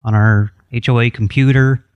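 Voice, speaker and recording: A man's voice: mid-range voice, fairly even intonation, normal speed, clear, resonant tone, no echo. A man posing as a homeowners' association official on a prank phone call, talking in a smug, teasing, unflappable way.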